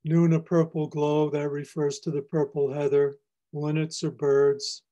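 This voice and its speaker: A poet giving a library lecture on poetry, explaining lines in a measured, teacherly way. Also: male voice, a little high, monotone, dark tone. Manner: measured, explanatory, reads lines aloud for emphasis. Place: public library presentation.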